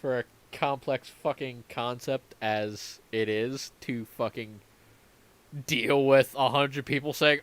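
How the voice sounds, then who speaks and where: A man's voice: mid-range voice, unhurried, clear, resonant tone. A man running a tabletop game as dungeon master, chatting casually after the session, swearing and laughing often. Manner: profane, laughing, quotes players in silly voices. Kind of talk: casual post-session chat.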